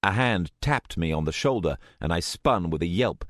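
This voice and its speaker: A man narrating an urban fantasy audiobook in a steady, even manner. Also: deep voice, moderate pace, no echo. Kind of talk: scripted narration. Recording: dry close studio sound.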